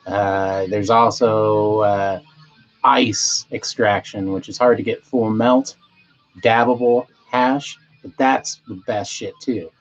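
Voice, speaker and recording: Man, low voice, stoned, meandering livestream chat, swears a lot, dull lo-fi audio. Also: fairly even intonation, slow, soft background music. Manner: loose, meandering, self-interrupting, stoned and swearing. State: high. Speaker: livestream host. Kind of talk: rambling casual livestream chat, reading chat aloud.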